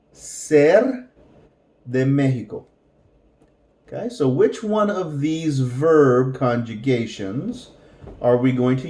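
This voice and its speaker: A man teaching a beginner language lesson, repeating words slowly and patiently for practice. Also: mid-range voice, dark tone, reverberant. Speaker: Spanish teacher.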